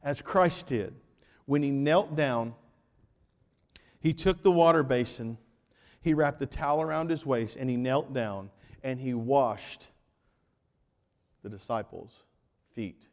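A man preaching a sermon as pastor, animated and joking with the congregation, dropping to hushed emphasis on key points. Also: medium pitch, takes it slowly, pauses often, big-room sound. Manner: jokes with the congregation.

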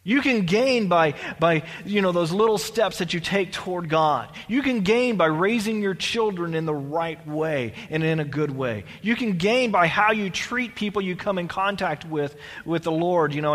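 A man's voice: sits high, moderate pace, hardly any pauses, a bit bright, big-room sound. A male pastor preaching a sermon in a church, in a conversational way with restarts and asides.

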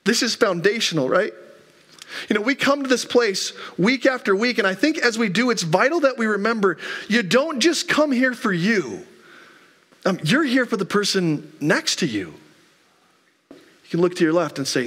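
A man's voice: high-pitched, expressive, moderate pace, a bit bright. A man in his thirties, a pastor preaching a sermon in a church, telling stories in a conversational way with rhetorical questions. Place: church sanctuary.

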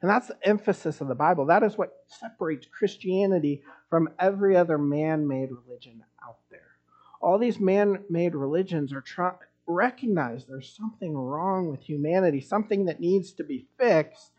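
A man preaching a sermon in a relaxed, conversational way, dropping in wry asides. His voice sits a little high for a man. The recording sounds slightly muffled and lo-fi. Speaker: pastor.

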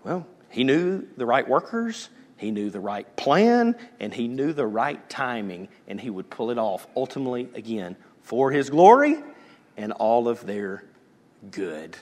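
Man preaching with wild pitch swings. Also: very animated, unhurried, long reverb tail. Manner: dynamic preaching, swings from loud to hushed. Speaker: pastor. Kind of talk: sermon.

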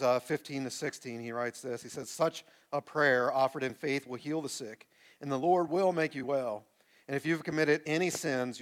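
A man in his forties preaching a sermon to a live congregation, reading scripture and calling out for the room to answer back. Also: medium pitch. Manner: animated, call-and-response with the congregation. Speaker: pastor. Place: church sanctuary with a live congregation.

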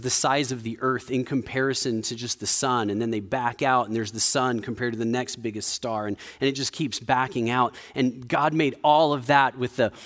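A man preaching a sermon in a conversational way, with frequent restarts, dropping to a quiet low voice for emphasis. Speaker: pastor.

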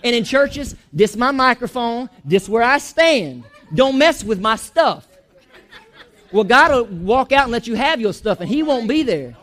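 A man preaching a sermon in a church, animated, joking and going off on asides. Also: very high-pitched, a little slow. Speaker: pastor.

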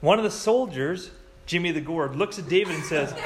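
A man preaching a sermon in a church, telling stories with lively voices for the quoted lines. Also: fairly quick, a little hiss or hum. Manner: animated storytelling, acts out quoted lines in a higher voice. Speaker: pastor.

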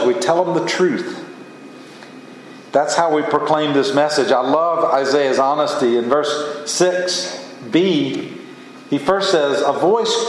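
A man preaches with earnest emphasis, his fairly high voice lifting as he presses a point. The sound is roomy and reverberant, like a church sanctuary heard from some distance, with a faint hiss beneath. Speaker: pastor. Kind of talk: sermon. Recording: echoey hall from far off.

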